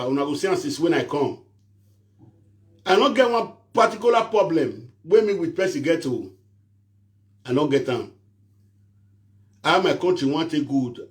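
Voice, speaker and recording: Male host, Nigerian Pidgin accent, slightly raised pitch, rambling preachy monologue with a pleading tone. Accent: Nigerian Pidgin English. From Edo State, Nigeria. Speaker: self-styled prophet and show host. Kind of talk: casual monologue to viewers.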